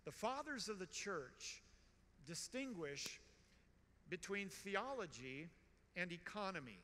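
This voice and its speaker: Man in his 60s, high voice, bright and forceful, joking storyteller, long hall echo. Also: slow. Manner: animated, joking, emphatic repetition. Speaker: conference speaker. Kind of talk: storytelling conference talk. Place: large conference hall.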